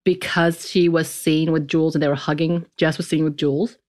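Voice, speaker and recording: A woman co-hosting a podcast, retelling a film's plot in casual, animated chat and acting out the characters' lines. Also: low-pitched, brisk, slight background noise. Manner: animated storyteller, jumps into character quotes. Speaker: podcast co-host. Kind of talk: casual film recap chat.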